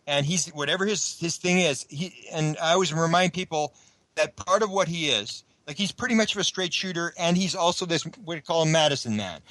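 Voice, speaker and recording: A man's voice: on the high side, brisk, fairly bright tone, no room sound, low-quality recording. A man being interviewed on a radio show, talking at length in a rambling way with many restarts. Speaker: guest researcher.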